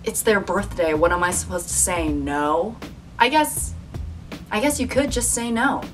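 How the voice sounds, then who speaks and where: A woman's voice: medium pitch, lively intonation, unhurried, distant mic, soft background music. A young woman talking in a wry, sarcastic, chatty way while narrating a comedy sketch. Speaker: comedy creator.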